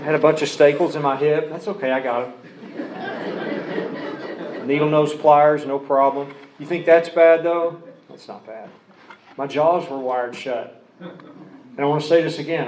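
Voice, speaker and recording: A man's voice: a little high, moderate pace, long pauses, a little mellow, roomy sound, slight background noise, low-quality recording. A man telling his personal recovery story in a rambling way, full of restarts and asides. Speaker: recovery speaker.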